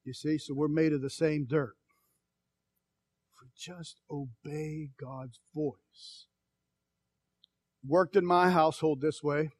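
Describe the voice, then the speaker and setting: A middle-aged male pastor preaching a sermon in a folksy, storytelling way, moving from soft, slow, hushed passages to loud, emphatic calls. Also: on the high side, fairly even intonation, breathy edge, no room sound. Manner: folksy, tells personal stories.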